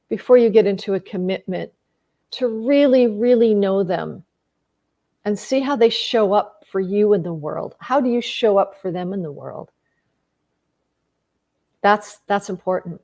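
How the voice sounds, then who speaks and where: A relationship coach, a middle-aged woman with a mid-range voice, chats informally with an audience. She frequently starts over and repeats herself, bringing quoted dialogue to life by switching into different voices.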